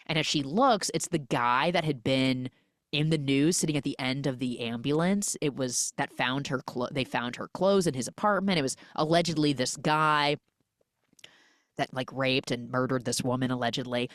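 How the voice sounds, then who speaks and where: On a laid-back podcast recapping movies, a woman with a very deep voice talks at a moderate pace, with no room sound in the recording. She animatedly re-enacts what the characters say as she retells scenes, using "like" frequently as filler.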